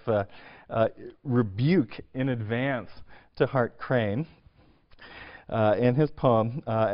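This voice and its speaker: A man giving a university lecture on poetry, often hesitating with filler sounds, clearing his throat and restarting his sentences. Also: mid-range voice. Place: lecture hall. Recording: dull lo-fi lecture recording.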